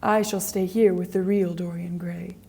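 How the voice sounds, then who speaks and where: A woman's voice: lowish voice, flat delivery, moderate pace, vocal fry, darkish tone, slight background noise. A woman reading the lines of an earnest, devoted painter in a graded reader audiobook. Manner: earnest, reproachful.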